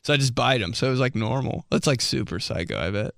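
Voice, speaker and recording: Gravelly young man telling stories. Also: medium pitch, expressive, quick pace, fairly bright tone, no echo, clean studio sound. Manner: rambling, many "like"s, laughs often, swears freely. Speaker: podcast host. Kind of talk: casual storytelling monologue.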